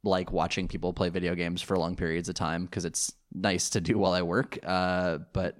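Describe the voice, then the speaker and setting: Male podcast co-host, lower voice, loose rambling chat full of fillers. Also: little pitch movement, moderate pace. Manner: rambling, many fillers and restarts, laughs easily. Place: home.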